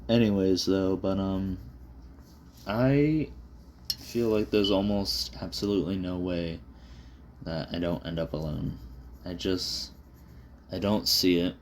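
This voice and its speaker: Drawing at his desk with a phone propped up to record, a man with a very low voice rambles casually, full of fillers, swearing, and self-deprecation. He talks slowly with frequent pauses, and a faint hiss runs underneath.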